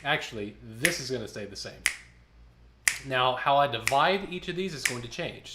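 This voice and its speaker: A man's voice: medium pitch, animated, normal speed, very noisy. A man leading an online choir rehearsal, counting beats, speaking syllables aloud and singing lines for the singers to copy. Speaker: choir director.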